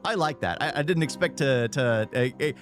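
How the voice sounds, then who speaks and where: A young man streaming a reaction video, talking fast and loud, stuttering and repeating himself. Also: medium pitch, lively intonation, soft background music. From United States. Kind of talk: casual reaction commentary.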